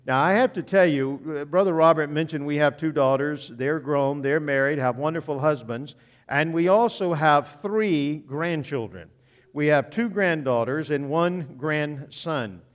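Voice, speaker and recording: A man's voice: on the high side, a little slow, long reverb tail, lo-fi sound. An older man and guest preacher giving a sermon in a church sanctuary, with a folksy, joking storytelling manner.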